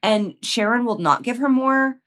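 A woman's voice: fairly high pitch, moderate pace. A woman co-hosting a podcast, telling the plot of a movie in a casual chat and acting out the characters' lines. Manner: expressive storyteller, acts out characters' lines. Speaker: podcast co-host.

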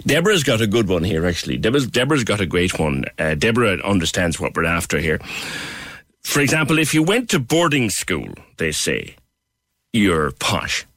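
Male radio host, lowish voice, lively pitch swings, chatty and wry, dry close mic. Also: dry recording. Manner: chatty, self-mocking, halting restarts. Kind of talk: casual radio chat with listener messages.

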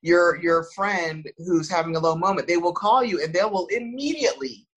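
A woman in casual conversation, speaking thoughtfully with a soft, soothing voice and frequent restarts. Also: lowish voice, normal speed, rough recording.

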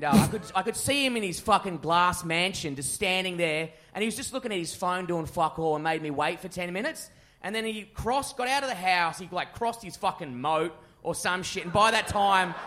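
A young man with an Australian accent spins loose, profane anecdotes as a comedy guest, chuckling through his own punchlines. His voice sits high and bright. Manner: swears freely, laughs at own stories. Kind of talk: live comedy podcast storytelling.

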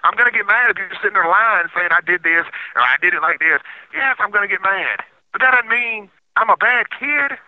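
A man's voice: sits high, expressive, a little fast, hardly any pauses, dry recording. A man, recounting his trial over the phone, heated and repetitive. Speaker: interviewee, former defendant. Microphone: phone line. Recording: tinny phone line.

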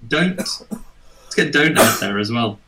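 A man's voice: medium pitch, expressive, slow pace, pushed and bright, far from the mic, poor audio. A man from England co-hosting a podcast, talking in an easygoing, reflective way. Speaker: podcast co-host. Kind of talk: casual podcast chat.

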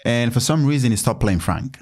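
A man's voice: medium pitch, brisk. A man in his thirties, a former footballer, telling stories in a casual interview and acting out quotes in a raised voice. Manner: animated, acts out quotes in raised voice.

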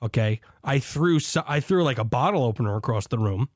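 A man hosting a beer podcast alone, drinking as he talks, hyped and swearing, swinging between shouted zeal and low asides. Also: lively intonation, a little fast, dry recording, clean studio sound. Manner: swears, mock preacher zeal. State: drinking beer while talking. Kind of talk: excited solo podcast monologue.

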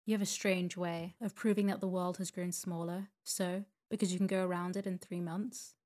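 A woman's voice: fairly low pitch, level tone, normal speed, a little mellow, lightly acted. Stuart, a woman reading as a doubting clubman. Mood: skeptical. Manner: insistent, skeptical. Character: argumentative gentleman clubman at whist.

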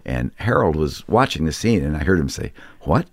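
A man's voice: a bass voice, very animated, a little fast, creaky, no echo, clean studio sound. A man, an actor, telling anecdotes in casual conversation, laughing often and acting out the people in his stories. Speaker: actor guest. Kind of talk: casual storytelling chat.

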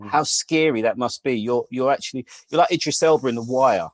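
A man, a guest telling lively stories with plenty of swearing and acted-out voices of the people he describes. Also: mid-range voice, brisk, dry recording. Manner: animated, swears freely, acts out customers' voices. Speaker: guest, former record importer. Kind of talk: casual storytelling interview.

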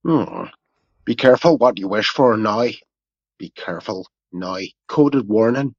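A prankster caller , played by a man, puts on a thick Belfast accent with a sly, deadpan tease. The voice sits low and even. It comes through as a dry, muffled voicemail recording. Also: a little slow, no room sound. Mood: teasing. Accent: put-on Belfast accent. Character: caller faking a Northern Irish accent. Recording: dull lo-fi voicemail audio.

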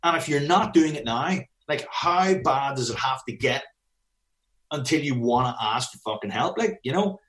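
Blunt swearing man coaching trainers. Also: a little high. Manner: blunt, swears often, acts out dialogue. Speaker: fitness business coach. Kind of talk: casual podcast chat.

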